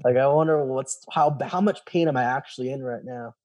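Man, thirties, mellow warm tone, mid pitch, animated storyteller, casual interview. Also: brisk, highs cut off. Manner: animated storytelling, acts out quoted voices, casual swearing. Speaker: guest, former special operations soldier.

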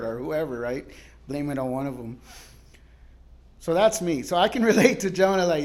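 A male guest pastor giving a sermon in a casual, storytelling way, laughing often and moving between loud cries and quiet asides. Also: on the high side, expressive, fairly quick.

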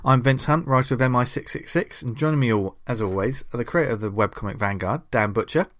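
A man's voice: mid-range voice, fast talker, a bit bright. A man hosting a comics podcast in casual chat, jokey and rambling, laughing often. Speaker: podcast host.

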